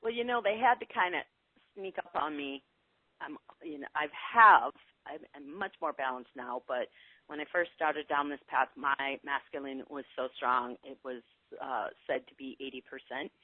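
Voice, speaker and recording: A middle-aged woman telling her spiritual story in a casual interview, animated and earnest. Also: normal speed, no room sound. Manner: animated, earnest storytelling with lively pitch swings. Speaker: spiritual guide guest. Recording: tinny phone-like call audio, dry.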